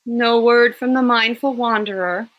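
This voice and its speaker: A woman author reading a first-person scene from her own novel, expressive and lively. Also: a little high, a little slow, dull audio.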